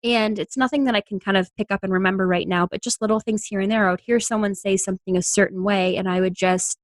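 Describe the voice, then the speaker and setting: A woman's voice: mid-range voice, steady tone, fast, dry recording. A young woman from Long Island talks in a loose, chatty way and laughs easily between thoughts. She drops into playful put-on voices now and then. Her voice sits mid-range and sounds close and dry. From Long Island, New York. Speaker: voice-over actress guest. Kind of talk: casual interview chat.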